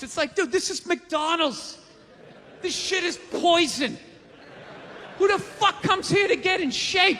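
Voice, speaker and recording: A man in his forties doing a loud, profane stand-up comedy set on a theater stage. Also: very high voice, animated, a little slow, pauses often. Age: 40s. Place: theater stage before an audience. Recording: live theater reverb, crowd noise.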